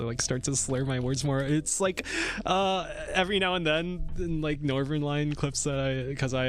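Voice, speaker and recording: A young male VTuber rambles and chuckles in a medium-pitched voice while coding a game on a casual livestream. He uses lots of fillers and thinks aloud, with faint music and keyboard typing in the background.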